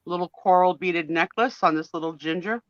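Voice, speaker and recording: A woman's voice: on the low side, moderate pace, no room sound. A middle-aged woman co-hosting a live online sale, chatting bluntly and teasing in a casual way. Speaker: co-host on a live photo sale stream. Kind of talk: casual chat. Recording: dull, lo-fi sound.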